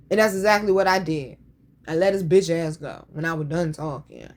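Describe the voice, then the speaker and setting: A woman's voice: deep voice, brisk. A woman hosting a casual show, telling stories in a blunt, profane, sassy way. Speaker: podcast host. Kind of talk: casual storytelling chat.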